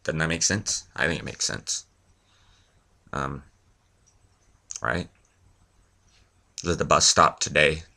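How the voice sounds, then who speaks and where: A man's voice: very deep voice, slow pace, creaky, long pauses, sharp tone. A man vlogging a rambling comedy monologue, tossing out one-liners and self-mocking asides.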